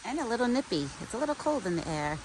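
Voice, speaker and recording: A woman chatting casually to camera outdoors while feeding a pet deer, cooing to it in soft baby talk. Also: a little high, very animated, quick pace. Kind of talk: casual outdoor vlog chat. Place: outdoors in a windy yard. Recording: faint wind and outdoor noise.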